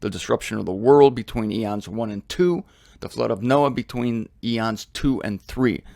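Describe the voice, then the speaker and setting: Animated American man teaching the Bible. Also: lowish voice, creaky, dry recording, studio quality. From United States. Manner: casual and animated, with asides and chuckles. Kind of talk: conversational Bible study teaching. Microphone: studio mic with headphones.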